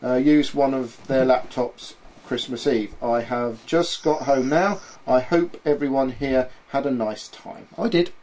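A man's voice: medium pitch, unhurried, warm tone, a little hiss or hum, rough recording. A man hosting a casual podcast, reading out listener comments in a playful way, often laughing and tripping over names. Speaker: podcast host.

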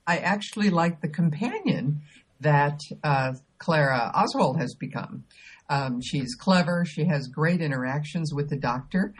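A woman co-hosting a podcast in casual chat, talking with many pauses, ums and restarts. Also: low voice, lively intonation, slightly rough. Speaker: podcast co-host.

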